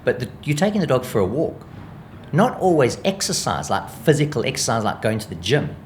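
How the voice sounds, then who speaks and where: A man's voice: medium pitch, fairly quick, a little hiss or hum. A man with a South African accent, an animal behaviourist guest, explaining dog training in an interview and acting out what dogs think. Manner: lively, acts out dog thoughts in voices.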